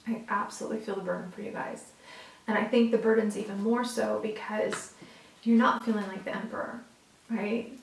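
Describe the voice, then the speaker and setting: A woman's voice: mid-range voice, steady tone, fairly quick, creaky, distant mic, slight background noise. A woman giving a casual, heartfelt tarot reading straight to her viewers, earnest and at times emotional, swearing now and then. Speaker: tarot reader. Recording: roomy and off-mic.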